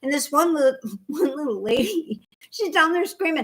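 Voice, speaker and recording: An older woman with a fairly high voice co-hosts a relaxed craft podcast. She tells stories with lots of energy, bouncing between her own voice and the voices of people in the story. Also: normal speed. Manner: animated storyteller, acts out voices. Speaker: podcast co-host. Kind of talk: casual chat.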